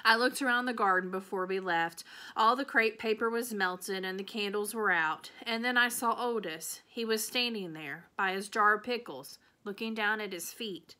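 A woman's voice: medium pitch, normal speed. A woman teacher reading the last chapter of a children's novel aloud, telling it expressively. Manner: expressive storytelling, changing voices for characters.

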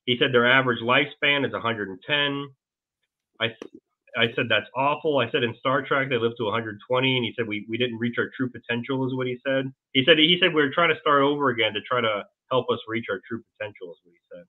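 A man being interviewed as a guest, telling a long story in a rambling, halting way with many restarts. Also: mid-range voice. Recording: tinny phone-like line.

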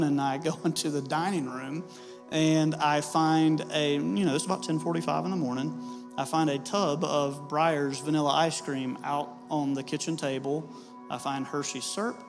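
Man, 30s, pastor: casual storytelling sermon, slightly high voice, soft music in the background. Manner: casual and storytelling, with plenty of uhs and ums. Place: church sanctuary. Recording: reverberant church hall with soft music.

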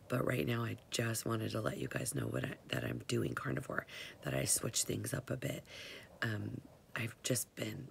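An older woman, hoarse and half-whispering, chatting casually to her followers from home in the morning. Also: extremely low pitch, slight background noise. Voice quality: gravelly. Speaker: vlogger.

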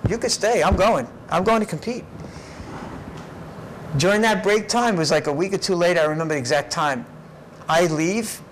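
Lively storytelling man, fairly high voice. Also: slight background noise, low-quality recording. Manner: lively, tags phrases with "right?". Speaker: interview guest, karate teacher. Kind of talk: animated personal storytelling. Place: karate gym.

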